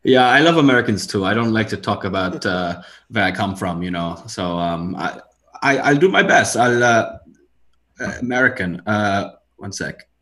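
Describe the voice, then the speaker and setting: A man's voice: lowish voice, lively intonation, normal speed, fairly bright tone. A man from Germany, a guest on a casual podcast, joking and hesitant with fillers. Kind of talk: casual chat.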